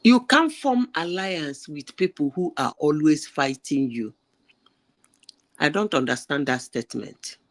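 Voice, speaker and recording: A woman's voice: low voice, lively intonation, unhurried. A woman making emphatic, scornful points in a heated political discussion over online call audio. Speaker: panelist.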